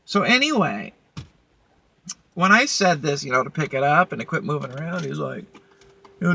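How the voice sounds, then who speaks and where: A woman's voice: low-pitched, big pitch swings, normal speed, long pauses, pushed and bright, husky. A woman vlogger telling a work story in a blunt, profane, casual way. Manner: blunt, profane, heated retelling.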